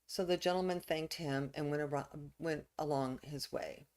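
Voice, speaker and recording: A woman minister preaching a reflective sermon, pausing with fillers and restarts. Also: low voice, steady tone, a little mellow.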